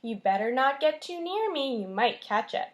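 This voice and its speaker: Lady reading as a tiny mouse kid, high and eager, calling out a lot. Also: big pitch swings, moderate pace. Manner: raised pitch, cries out eagerly. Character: tiny brave boy mouse, chatty.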